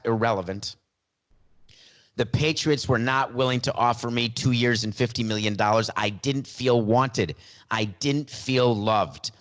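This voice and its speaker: A man's voice: mid-range voice, natural voice. Guy doing a smug mock quarterback in his forties bragging about money, plain mid-range voice. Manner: smug, sarcastic mock press-conference speech. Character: mock star quarterback in his 40s, boastful and money-minded. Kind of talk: satirical impression in a sports podcast.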